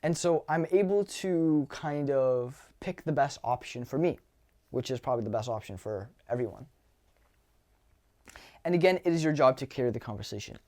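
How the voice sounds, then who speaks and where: A young man talking casually as a dating coach, animated and swearing, acting out lines from his own conversations. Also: mid-range voice, normal speed. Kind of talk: casual advice monologue.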